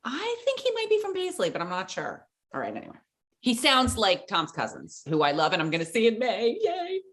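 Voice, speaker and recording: Excitable woman gushing on a recap podcast. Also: medium pitch, a little fast. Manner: excitable, gushing, laughs often. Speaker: podcast co-host. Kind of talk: casual TV recap chat.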